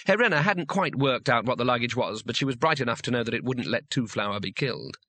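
A man's voice: medium pitch, lively intonation, fast, fairly bright tone. A man narrating a comic fantasy audiobook in a dry, wry storytelling manner.

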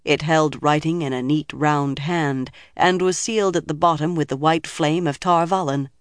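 A man narrating an audiobook in steady storytelling. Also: fairly high pitch, moderate pace, hardly any pauses, clear, resonant tone, no echo, clean studio sound. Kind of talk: scripted narration.

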